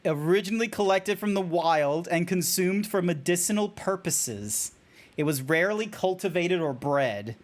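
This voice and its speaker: Excitable Australian man rambling on stream. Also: high voice, normal speed. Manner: rambling, excitable, laughs at his own trivia. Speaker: VTuber streamer. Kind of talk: casual game stream chat.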